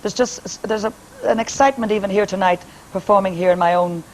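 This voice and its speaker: A woman's voice: medium pitch, fairly quick, a little hiss or hum, poor audio. Brassy Northern Irish woman with a powerful voice. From Northern Ireland. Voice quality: powerful speaking voice. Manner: brassy, joking, laughs often. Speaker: singer and entertainer guest. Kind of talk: chatty TV interview with jokes.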